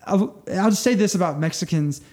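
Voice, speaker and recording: Man, interview guest, high voice, rapid, eager storytelling, halting restarts. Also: a little mellow. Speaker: missionary guest.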